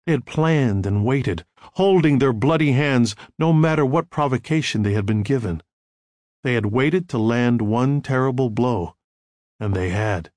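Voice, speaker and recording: A man narrating an audiobook in a measured, grave tone. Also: medium pitch, a little mellow, dry recording, clean studio sound.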